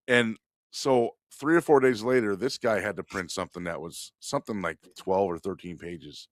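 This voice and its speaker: A man's voice: lowish voice, normal speed, no echo, studio quality. A man co-hosting a comedy podcast, telling a workplace story in casual chat, swearing freely and laughing at his own punchlines. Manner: profane, animated, laughs while telling stories. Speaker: podcast co-host.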